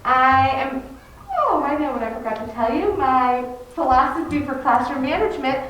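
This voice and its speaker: A woman's voice: high voice, moderate pace, distant mic, dull audio. A woman, a kindergarten teacher, explains her classroom to parents in a chatty, informal way with many fillers. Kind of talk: informal info-meeting talk to parents. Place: large classroom, indoors. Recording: very echoey room, voice from afar, faint noise.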